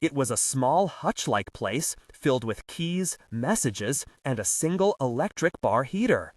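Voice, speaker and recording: A man narrating an audiobook in an expressive storytelling manner. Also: medium pitch, unhurried, dry recording, recorded from a distance. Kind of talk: scripted narration.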